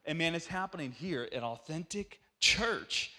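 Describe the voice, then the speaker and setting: A man in his forties, a pastor, preaching a lively storytelling sermon in a church, joking and now and then breaking into loud shouts. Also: on the high side, measured pace, crowd noise. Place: church sanctuary.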